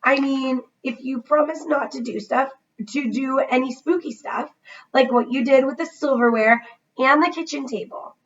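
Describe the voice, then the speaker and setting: A woman's voice: high-pitched, normal speed, recorded from a distance, muffled recording, voice pushed up, close to an everyday voice. Woman reading aloud as a nervous, kind boy, hesitant and stammering.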